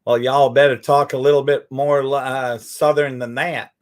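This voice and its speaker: A man's voice: mid-range voice, level tone, normal speed. A man hosting an online chat room, upbeat and affirming as he brings speakers up. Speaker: host. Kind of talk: casual chat in an audio room.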